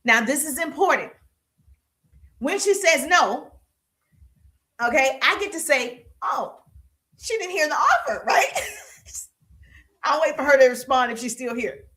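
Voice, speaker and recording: Woman sales coach, high voice, punchy and repetitive, live-stream teaching. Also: animated, slow, long pauses, fairly bright tone. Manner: emphatic, repeats key lines, asks the audience questions.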